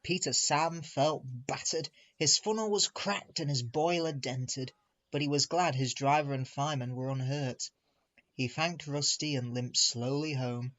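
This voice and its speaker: A man reading a children's railway storybook aloud in a measured, expressive way. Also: medium pitch, muffled recording. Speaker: reader. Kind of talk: storybook narration.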